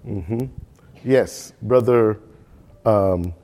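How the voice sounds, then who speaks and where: A man's voice: lowish voice, drawn-out words, warm tone. A man leading a Bible study class, asking the group questions, checking in often and repeating words for emphasis.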